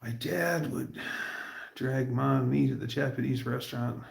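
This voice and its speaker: Livestream host, male, gravelly and casual, rambling storyteller, roomy echo. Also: medium pitch. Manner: rambling, storytelling, puts on quick voices for quotes.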